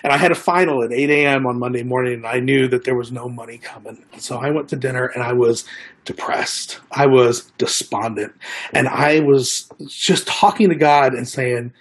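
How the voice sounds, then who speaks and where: A man telling a personal faith story, acting out the people he quotes with lively changes of voice. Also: medium pitch, moderate pace, breathy edge. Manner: animated, acts out quoted dialogue.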